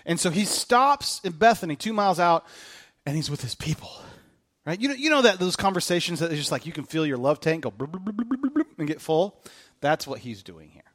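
A man preaching a casual, animated sermon, joking and talking conversationally to his listeners. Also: fairly high pitch, brisk.

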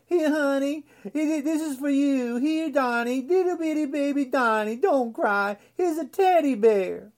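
A woman's voice: high voice, measured pace, few pauses, darkish tone. A woman in her sixties doing a cooing, doting parent. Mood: coddling. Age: 60s. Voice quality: cooing, coddling tone. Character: doting indulgent parent coddling a child.

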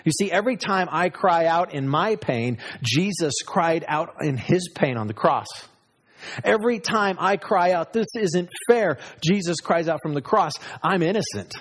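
Emphatic husky male preacher. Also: expressive, normal speed. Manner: emphatic, swinging from loud high exclamations to low hushed asides. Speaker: pastor. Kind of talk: sermon.

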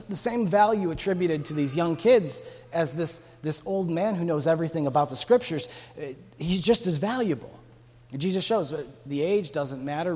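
A man's voice: on the high side, darkish tone. Man preaching in a reverberant hall. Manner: conversational preaching, acts out quotes with rising energy. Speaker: pastor. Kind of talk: sermon.

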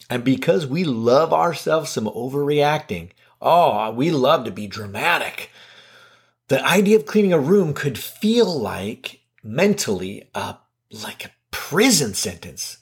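A man hosting a casual self-help video, talking to camera in an animated, self-mocking way with light swearing and big playful swings in pitch. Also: slightly rough. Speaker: video host.

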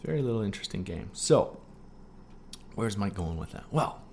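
Hosting his own coaching podcast, a man with a somewhat low, creaky, slightly mellow voice guides listeners through a writing exercise at a moderate pace with lively intonation. He keeps asking "okay?", balancing sincere instruction with playful asides, over a faint background hiss.

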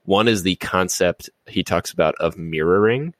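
Man, very low voice, dry close sound, casual explanatory talk. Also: normal speed, a bit bright, dry recording. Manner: explanatory, giving examples. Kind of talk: casual conversation.

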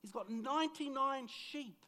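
Middle-aged New pastor, fairly high voice, lively storyteller who plays every part himself. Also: male voice, a little slow. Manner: animated, acts out dialogue in the story. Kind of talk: storytelling sermon.

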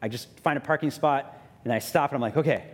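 A man pastor, telling a personal story in a sermon with lively self-mocking humor, then growing soft and quiet for reflection. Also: mid-range voice, quick pace, long reverb tail. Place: church sanctuary.

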